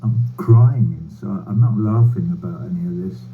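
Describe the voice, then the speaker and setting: An older man giving a prepared, sardonic political speech over a video call, slow and bitter, with wry laughs and swearing. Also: lowish voice, music in the background. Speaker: speaker addressing a rally by video. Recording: tinny phone-like line with faint hum.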